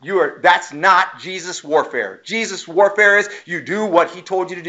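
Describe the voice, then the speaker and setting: Male pastor, higher voice, forceful sermon delivery, muffled recording. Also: animated, unhurried, few pauses. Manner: emphatic, acts out quoted voices while preaching. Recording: muffled lo-fi sound.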